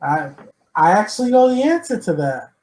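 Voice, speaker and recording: A man's voice: high voice, sing-song, moderate pace, a little mellow. A man co-hosting a podcast, blunt and joking in casual banter. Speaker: podcast co-host. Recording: noisy recording.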